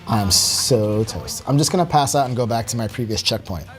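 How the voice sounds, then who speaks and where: A man giving relaxed, halting commentary while demonstrating a video game, with many fillers. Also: mid-range voice. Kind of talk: casual gameplay commentary. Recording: faint game music behind.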